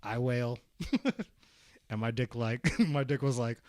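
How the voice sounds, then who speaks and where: Slow-talking man telling a story. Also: mid-range voice, no room sound, studio quality. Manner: animated storyteller, swearing, laughing, acting out voices. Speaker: guest. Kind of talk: casual storytelling chat. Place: Arizona.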